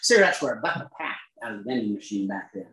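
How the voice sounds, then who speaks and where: A man's voice: medium pitch, big pitch swings, fast talker, vocal fry, bright, forceful tone, roomy sound, low-quality recording. An older man tells a recovery story to a live audience with wry, self-mocking humor. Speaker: recovery speaker.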